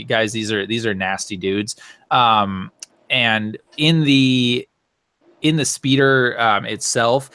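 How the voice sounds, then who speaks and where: A man's voice: mid-range voice, a bit bright, dry recording. A man narrating a tabletop game as game master, rambling with many fillers and correcting himself as he goes.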